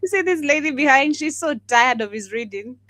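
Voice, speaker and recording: Woman co-host, fairly high voice, amused mocking comments. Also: animated, brisk, a bit bright. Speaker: stream co-host. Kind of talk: live stream commentary.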